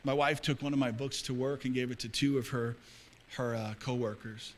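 A middle-aged male pastor preaching a sermon to a congregation, dropping to hushed confiding and rising to loud fervor. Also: medium pitch, fairly even intonation, normal speed. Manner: swings between hushed, intimate confiding and loud, fervent preaching. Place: church hall before a congregation.

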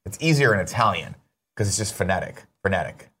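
A man's voice: fairly low pitch, sing-song, fast talker, fairly bright tone, breathy edge. A man co-hosting a casual studio morning show, teasing and joking in loose banter. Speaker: co-host. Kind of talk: casual chat.

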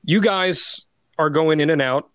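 A man hosting a podcast who asks measured questions and sets up the history for his guest. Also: fairly high pitch, fairly bright tone, clear, resonant tone, no room sound. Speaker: podcast host. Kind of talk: interviewer, casual.

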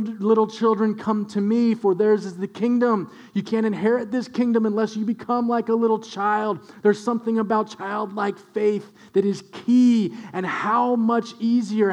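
A young adult man, a pastor, preaching a sermon with animated storytelling and quiet, earnest stretches. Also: sits high.

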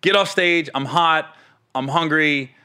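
A man's voice: a little high, slow pace, clean tone. A man co-hosting a casual podcast who tells a story with laughter and acts out what people said. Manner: animated, laughing, acts out quotes in voices. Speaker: comedian co-host.

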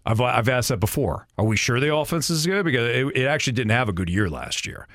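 A man's voice: medium pitch, quick pace, dry recording. Guy hosting sports talk, hammering his point over and over, dry mic. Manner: emphatic, animated, repeats points for stress. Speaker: sports radio host.

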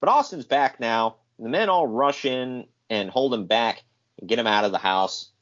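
Animated sarcastic man on a lo-fi podcast. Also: mid-range voice, moderate pace. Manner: animated, sarcastic, laughs often. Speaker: podcast co-host. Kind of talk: casual wrestling recap commentary. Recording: dull lo-fi podcast audio.

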